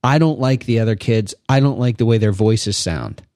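A man's voice: fairly low pitch, moderate pace, a little mellow, no room sound, clean studio sound. A father telling a rambling parenting anecdote in casual podcast chat.

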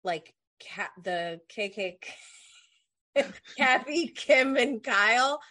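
Slow-talking woman with a bright voice. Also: a little high, lively intonation. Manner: laid-back, tentative, throws out theories. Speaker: podcast guest. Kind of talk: casual gossip chat.

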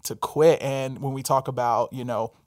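A man's voice: mid-range voice, fairly even intonation, normal speed, darkish tone, no echo. Reflective man in a dry, close room. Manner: reflective, loose and rambling with fillers. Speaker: podcast co-host and character coach. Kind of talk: casual faith talk.

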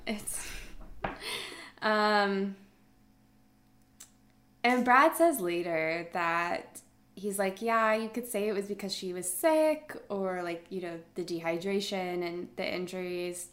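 A woman's voice: medium pitch, slow, long pauses, fairly bright tone. A woman casually retelling a survival story to a friend, chatty, with lots of fillers, acting out the quotes.

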